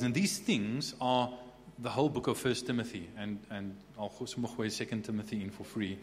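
A man's voice: fairly low pitch, steady tone, brisk, few pauses. A man preaching a sermon in a conversational way, often restarting words and checking in with the listeners. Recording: echoey hall with faint hum.

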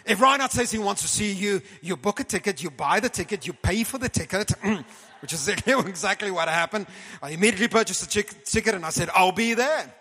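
A man telling a story in an animated sermon, often calling his audience folks and clearing his throat. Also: high-pitched, a little fast. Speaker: preacher. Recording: long hall reverb.

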